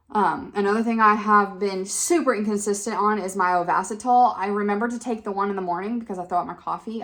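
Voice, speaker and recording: A woman's voice: medium pitch, fairly bright tone. A woman in her thirties chatting casually as a vlogger, encouraging and self-deprecating. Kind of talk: casual chat.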